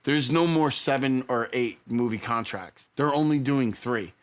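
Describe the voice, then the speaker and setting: A man's voice: medium pitch, measured pace. A man co-hosting a podcast, chatting casually about movies and leaning on "like" and "you know.". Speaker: podcast co-host.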